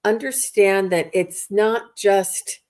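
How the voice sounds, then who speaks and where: Halting woman podcast host. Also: medium pitch, steady tone, darkish tone. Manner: thoughtful, halting, frequent "you know". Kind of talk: casual interview chat.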